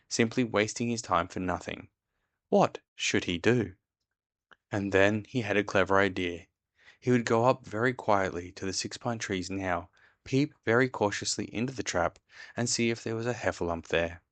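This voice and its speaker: Dad narrator for a bedtime storybook: low voice, expressive and measured, dry close sound. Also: male voice, no echo. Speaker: father reading to his child. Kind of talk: reading a storybook aloud.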